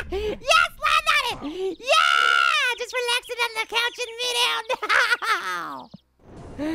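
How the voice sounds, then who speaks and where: A woman voicing a tiny, childlike cartoon apple who gives giddy gameplay commentary, laughing a lot and shouting silly catchphrases at the game. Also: extremely high pitch, vocal fry, background noise, full character voice. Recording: game music playing behind the voice. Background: game music and sound effects.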